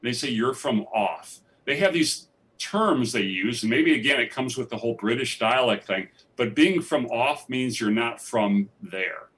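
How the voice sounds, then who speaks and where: At normal speed and with hardly any pauses, a documentary filmmaker with a mid-range, fairly bright voice tells stories during a live festival interview. He rambles eagerly with frequent restarts from a theatre stage, captured by a distant mic.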